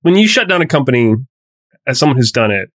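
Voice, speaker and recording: A man's voice: medium pitch, big pitch swings, fast talker, fairly bright tone, no room sound. Male co-host, mid voice, loose and emphatic talker; dry studio sound. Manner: rambling, emphatic, full of "like". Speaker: podcast co-host. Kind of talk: casual chat.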